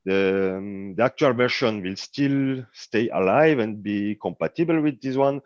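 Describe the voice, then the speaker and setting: A man's voice: on the low side, a little slow, no room sound, highs cut off. A man with a French accent giving a project update in an online community meeting, hesitant and searching for words. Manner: hesitant, many fillers and restarts, searching for words.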